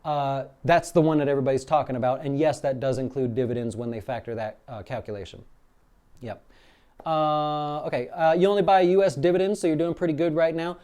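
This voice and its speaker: A man hosting a daily market update, talking casually and acting out quoted exchanges in an animated, fired-up way. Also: fairly high pitch, a little fast, clean tone. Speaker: financial advisor hosting a daily market show. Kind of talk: casual live-stream commentary.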